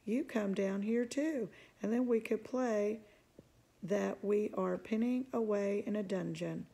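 This is a fearless, playful little girl in a children's storybook. Her voice is lively and teasing, with a gravelly, husky grain and a mellow darkness, as a woman reading the book puts her on. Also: medium pitch, measured pace.

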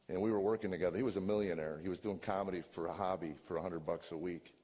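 An older man, a comedian, giving a personal testimony in a storytelling way, dropping to quiet talk and rising to shouts. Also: low-pitched, breathy edge, big-room sound. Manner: storytelling, swings from hushed to shouting.

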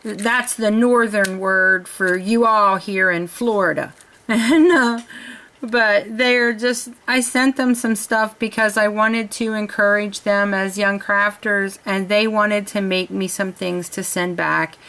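A woman's voice: mid-range voice, fairly even intonation, takes it slowly, bright, forceful tone. An older woman from her home, gushing over handmade craft gifts in a casual show-and-tell vlog, often searching for words. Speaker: crafting vlogger. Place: home in Florida.

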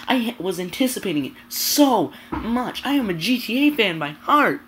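A woman's voice: medium pitch, very animated, moderate pace, a bit bright, a little hiss or hum. A young woman vlogger ranting to camera, sweary and exasperated, stumbling over her words. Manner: sweary, exasperated, stammering restarts. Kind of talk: angry rant to camera.

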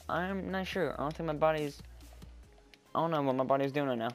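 Rambling excitable young-sounding gamer man. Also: a little high, brisk. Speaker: gameplay commentator. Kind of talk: let's-play commentary. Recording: quiet background music. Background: faint background music.

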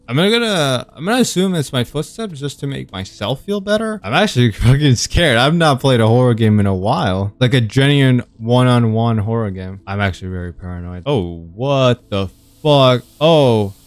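Young dude ranting and freaking out over a scary game, mid-pitched voice, cusses a lot, jumps at everything. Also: male voice, expressive, moderate pace, hardly any pauses, no echo. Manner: jumpy, swears a lot, easily startled; rambling, self-mocking venting. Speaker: gaming video creator. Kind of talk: horror game commentary.

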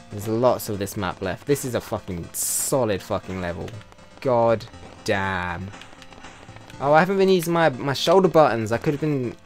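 A man with a British accent giving sarcastic, profanity-laced commentary while playing a video game, often breaking into loud excited yelps. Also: mid-range voice, unhurried, soft background music. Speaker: let's play host. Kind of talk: casual gameplay commentary.

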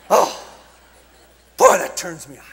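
A man preaching at a conference, telling stories with passion, shouting at times and dropping to a hush at others. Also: slow pace. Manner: impassioned storytelling, swinging from shouts to hushed tones. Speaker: evangelist speaker. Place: large conference hall. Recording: long hall reverb.

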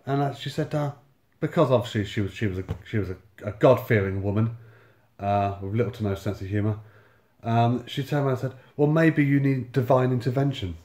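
A man's voice: fairly low pitch, fairly quick, a little mellow, reverberant. A man in his thirties telling a personal story in a sardonic, sweary way, full of reported speech. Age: 30s. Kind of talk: casual storytelling monologue.

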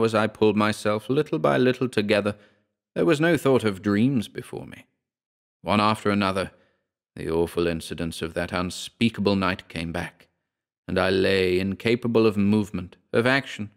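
A man narrating a horror story as an audiobook, slow and dramatic, dropping to a hush in the darkest passages. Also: deep voice.

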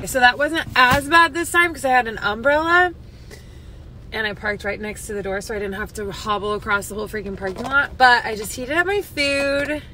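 Bright, profane young woman vlogging from her car. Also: on the high side, normal speed, a little hiss or hum, low-quality recording. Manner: profane, chatty and self-mocking. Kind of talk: casual day-in-the-life vlog.

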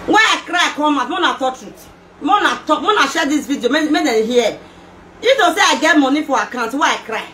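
Middle-aged Nigerian woman, Pidgin-accented, lively pitch, emphatic rant to camera, bright tone. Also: brisk. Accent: Nigerian Pidgin English. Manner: emphatic, fires rhetorical questions, mixes local language words. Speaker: vlogger. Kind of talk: emotional direct-to-camera rant. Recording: echoey room with faint noise.

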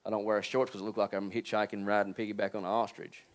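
A pastor in his forties preaching a sermon. He jokes with the congregation and calls out to them, swinging between quiet, low asides and loud, high preaching. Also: little pitch movement, fast talker. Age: 40s. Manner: joking and calling out to the congregation.

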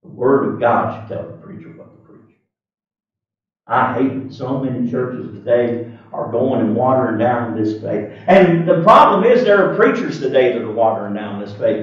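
A male preacher delivering a sermon, swinging from low, steady points up to fervent shouts. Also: distant mic, lo-fi sound. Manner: impassioned, rising to shouts and dropping low. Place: church sanctuary. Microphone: webcam. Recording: echoey webcam audio from across the room.

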